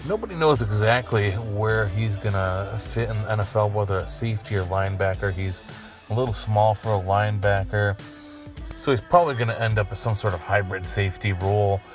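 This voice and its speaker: A man's voice: lowish voice, a little fast, over music. A man hosting a podcast, rambling through a crude, jokey monologue and swearing freely. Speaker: podcast host.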